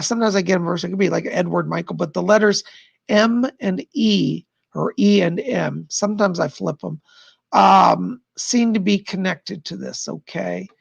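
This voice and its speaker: A man's voice: high-pitched, vocal fry, muffled recording. A man hosting a live stream of psychic readings, chatty and rambling, who keeps repeating what the spirits say. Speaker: psychic livestream host.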